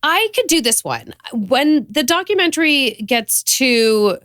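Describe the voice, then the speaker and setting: A woman's voice: high-pitched, very animated, unhurried, a bit bright, dry recording, clean studio sound. A woman in casual podcast chat who keeps asking curious follow-up questions. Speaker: podcast co-host.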